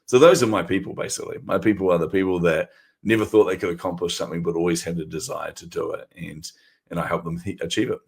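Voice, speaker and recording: A middle-aged man telling stories as a podcast guest, animated and self-deprecating, laughing often. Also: deep voice, quick pace, vocal fry, husky. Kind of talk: storytelling in an interview.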